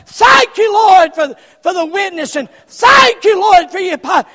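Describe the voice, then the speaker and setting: Preacher voicing a bloodied apostle, fervent shouted prayer, high bright voice. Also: male voice, animated, unhurried, full character voice. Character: apostle Paul, beaten man praying aloud in thanks. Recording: long hall reverb.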